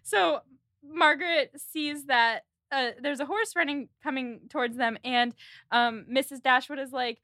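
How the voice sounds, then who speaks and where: A woman's voice: sits high, normal speed, no echo, studio quality. A woman co-hosting a podcast, chatting casually and acting out the characters' lines as she recaps a film. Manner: animated, acts out characters' lines. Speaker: podcast co-host.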